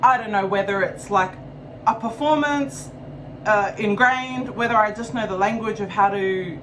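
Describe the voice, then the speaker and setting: A woman with a New Zealand accent, telling a story to camera in a casual, animated and profane way, acting out quotes. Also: mid-range voice, moderate pace, a little hiss or hum, low-quality recording. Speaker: vlogger.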